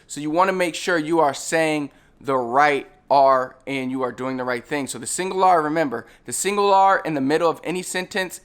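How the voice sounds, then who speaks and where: A man teaching a casual spoken lesson, repeating drill sounds slowly and coaching the viewer. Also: fairly high pitch, fairly bright tone. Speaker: language teacher.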